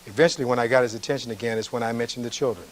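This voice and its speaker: A man delivers a closing argument to a jury in a courtroom, speaking at an ordinary middle pitch. He reads testimony aloud from a transcript, then turns on it with pointed rhetorical questions. A faint hum of noise sits under his voice. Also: very fast, low-quality recording. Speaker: defense attorney.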